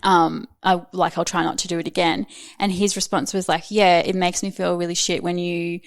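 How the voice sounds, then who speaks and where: A woman around thirty speaks as a podcast guest, candid and chatty, with plenty of "like" and "um" woven through her sentences. Her voice sits a little low for a woman. The recording is dry and close, with no room sound. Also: flat delivery, normal speed, dry recording. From Australia. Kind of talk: casual interview chat.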